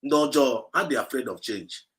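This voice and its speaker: A man's voice: medium pitch, lively intonation, normal speed, a bit bright. A man with a Nigerian Igbo accent preaching an exhorting livestream message, repeating his points and slipping between English and Igbo. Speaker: movement speaker.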